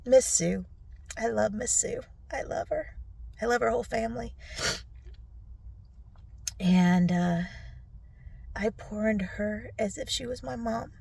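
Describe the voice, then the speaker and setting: A tearful middle-aged woman recording a personal video recap on her phone, speaking softly and often dropping to a whisper. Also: on the high side, measured pace, vocal fry, pauses often, breathy edge. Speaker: vlogger. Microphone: phone selfie video.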